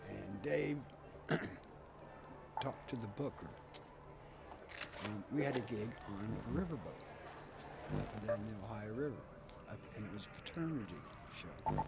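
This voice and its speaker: A middle-aged man telling profane, animated stories about his past as a band singer in an interview. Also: on the low side, a little slow, vocal fry, long pauses, heavy background noise. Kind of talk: casual storytelling interview.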